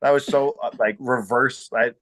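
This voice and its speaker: A young male podcast host tells rink stories in casual chat, swearing and bantering in a lively way. His voice is medium in pitch at a normal speed.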